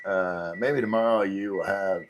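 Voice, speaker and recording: A man's voice: deep voice, steady tone, measured pace, noisy background. A middle-aged man chatting casually on a live stream, reading viewers' messages aloud and answering them. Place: home in the Philippines.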